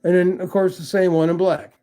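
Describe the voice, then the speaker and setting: A man's voice: high voice, level tone, a little fast, dark tone. A man reviewing knives on a live stream in casual, rambling chat, swearing freely and greeting viewers by name. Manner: rambling, profane, chatty with viewers. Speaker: knife reviewer livestreaming.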